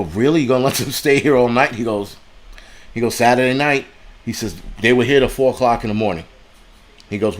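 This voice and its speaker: A man talks straight to his live stream viewers. He tells a story in a heated, profane rush and acts out both sides of an argument. His voice sits at an ordinary middle pitch for a man. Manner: profane, heated retelling with quoted dialogue.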